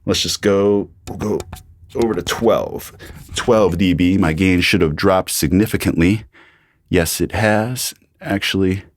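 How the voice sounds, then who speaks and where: This deep-voiced YouTuber talks a little slowly as he tests a studio condenser microphone at home, saying test phrases over and over to check his levels in a casual gear review. The recording has no room sound.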